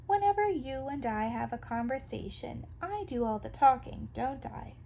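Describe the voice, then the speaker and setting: A woman voicing a talkative, eager little girl in a read-aloud storybook, lifting her pitch. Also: lively intonation, normal speed, creaky, dark tone, slight background noise.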